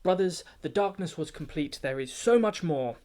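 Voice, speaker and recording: A man's voice: fairly high pitch, expressive, normal speed, a little mellow, lightly acted. A man playing a pompous, snobbish male poetry gatekeeper, reciting comic rhyming verse like an official briefing. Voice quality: pompous, grandiloquent, rhythmic recitation. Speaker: comic poet. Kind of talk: comic rhyming spoken-word satire.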